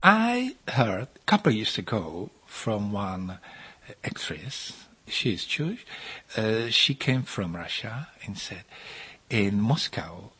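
A man in his sixties from the Czech Republic, speaking halting English with a Czech accent as an interviewed author, restarting and repeating words often. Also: on the low side, sing-song, sharp tone, slightly rough. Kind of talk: interview answers in non-native English.

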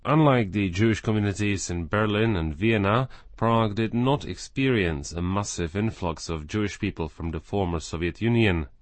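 A male radio reporter reads a scripted news feature. His voice is low and recorded dry and close, with no room sound. He keeps his delivery even and measured. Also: no echo.

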